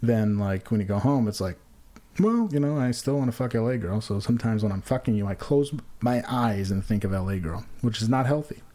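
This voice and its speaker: A man's voice: fairly low pitch, expressive, a little fast, warm tone. A man co-hosting a podcast, riffing with crude jokes and rambling comic advice. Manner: rambling, acts out dialogue in sudden voices. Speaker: podcast co-host. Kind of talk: profane comedic banter.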